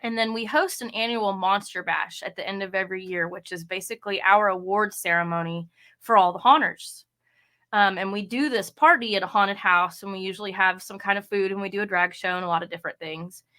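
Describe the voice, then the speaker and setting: Bright-voiced chatty woman. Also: medium pitch, brisk. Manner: chatty storyteller, acts out quotes. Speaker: podcast guest, haunted house reviewer. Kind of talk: casual interview chat.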